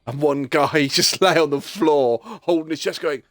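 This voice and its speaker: A man's voice: fairly high pitch, unhurried, no echo, clean studio sound. Man telling stories with gusto. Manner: animated storyteller, acts out quoted lines. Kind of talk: casual gaming chat.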